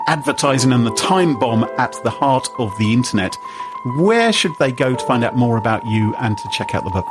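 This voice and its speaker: A man co-hosting a podcast, chatty and quick to laugh. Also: on the high side. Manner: chatty, laughs easily, lively. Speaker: podcast co-host. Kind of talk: casual podcast chat.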